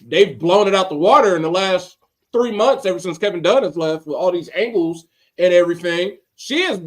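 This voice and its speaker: A man co-hosting a casual wrestling podcast, talking in an animated, rambling way and restarting his sentences. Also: high-pitched, fairly quick. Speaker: podcast co-host.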